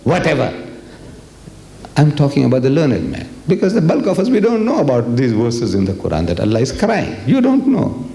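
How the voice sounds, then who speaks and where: An older man giving a religious lecture to a live audience, rhetorical and animated, firing questions at the crowd. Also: medium pitch, brisk, gravelly. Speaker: Islamic lecturer. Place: lecture hall. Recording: echoey hall with faint ambient noise.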